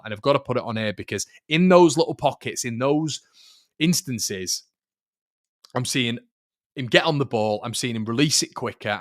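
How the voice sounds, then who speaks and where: Chatty football fan host. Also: male voice, mid-range voice, a bit bright, no room sound, studio quality. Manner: chatty, repeats phrases, reads viewer comments. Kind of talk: casual live-stream football chat.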